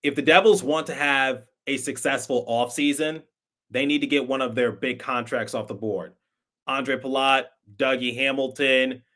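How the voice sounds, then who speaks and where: A man hosts a sports podcast with a bright, forceful tone. His talk is conversational and emphatic, and he sometimes repeats a word as he presses a point. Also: medium pitch. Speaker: podcast host. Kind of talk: opinionated sports commentary.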